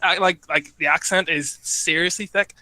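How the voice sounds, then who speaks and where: A man's voice: on the high side, fairly even intonation, moderate pace, pushed and bright, no room sound. An Irish man chatting casually as a podcast guest, hesitant and self-deprecating. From Ireland. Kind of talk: casual chat.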